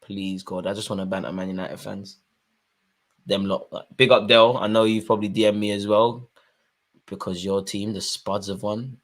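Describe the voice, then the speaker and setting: A young man giving excitable live commentary on a football match, shouting at players and the referee. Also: lowish voice, normal speed. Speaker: football fan channel host.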